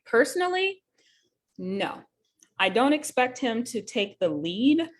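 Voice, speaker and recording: A woman's voice: fairly high pitch, very animated, takes it slowly. Woman, nurse host, live talk show, earnest, conversational, frequent fillers, corrects herself. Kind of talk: live web talk show, explaining a bill.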